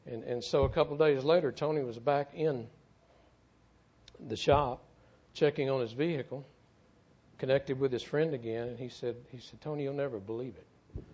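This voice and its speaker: A man's voice: mid-range voice, a little mellow, breathy edge, highs cut off. Earnest middle-aged man preaching. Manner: earnest, halting, repeats words as he goes. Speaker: church speaker, former firefighter. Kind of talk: sermon storytelling.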